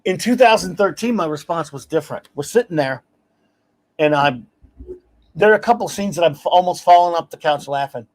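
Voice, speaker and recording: A man hosting a casual talk show, telling stories in an animated, ranting way and laughing as he goes. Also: a little high, brisk. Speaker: podcast host. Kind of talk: casual chat.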